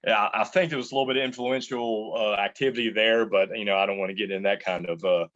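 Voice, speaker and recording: A man's voice: lowish voice, fairly even intonation, fast talker, fairly bright tone, muffled recording. A man in an interview who rambles, restarts his sentences and tells anecdotes about working as a chef. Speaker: chef and entrepreneur. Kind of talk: casual interview answers.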